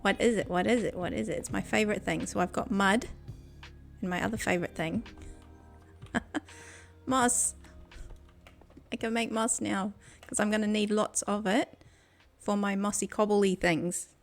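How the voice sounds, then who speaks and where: A woman's voice: mid-range voice, steady tone, moderate pace, creaky, faint music behind. A woman with a New Zealand accent chatting casually with her viewers on a game stream, giggling often, at a desk microphone. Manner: giggly, chatty, talks to chat. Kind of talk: casual gaming stream chat.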